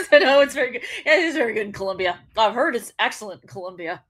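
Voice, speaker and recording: A woman's voice: fairly high pitch, expressive, rapid-fire, fairly bright tone. A woman hosting a wrestling show, ranting in casual commentary, swearing freely and laughing often.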